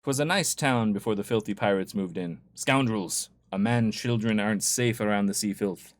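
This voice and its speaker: A man's voice: on the low side, moderate pace, natural voice. A man voicing an indignant, grumbling fisherman in a fantasy game, with a put-on accent. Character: grumbling old-fashioned male fisherman.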